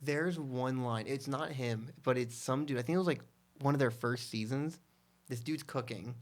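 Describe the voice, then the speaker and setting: A man's voice: mid-range voice, normal speed. A young man hosting a podcast in a casual chat. He is playful and teasing, throws out hot takes, and asks his guest easy questions. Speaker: podcast host.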